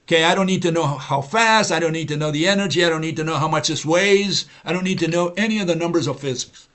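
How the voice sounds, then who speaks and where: A man's voice: fairly high pitch, fast, a bit bright. Argumentative man ranting in a livestream lecture. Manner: argumentative, repetitive, with frequent "you know" and "uh" fillers; mocking, mimics opponents in quoted voices. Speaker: host of a science-skeptic livestream. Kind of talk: rambling lecture monologue.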